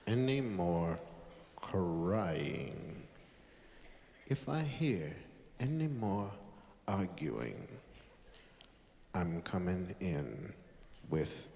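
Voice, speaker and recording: A comedian voicing a stern father who speaks slowly and low, with a threatening delivery. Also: gravelly, darkish tone, echoey room, long reverb tail, a little hiss or hum, heavily acted. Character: stern deep-voiced father, slow and menacing. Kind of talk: stand-up comedy storytelling.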